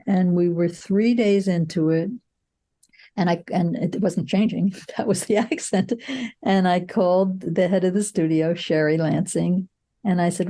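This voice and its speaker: A woman's voice: fairly low pitch, dark tone. An older woman, a film producer, telling frank, reflective anecdotes in an interview. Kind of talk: conversational interview.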